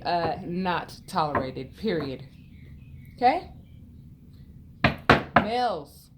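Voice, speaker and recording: A woman's voice: medium pitch, noisy background. A woman tarot reader talking straight to her viewers, blunt and emphatic, often acting out her exchanges with Spirit. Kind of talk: direct-to-camera spiritual talk.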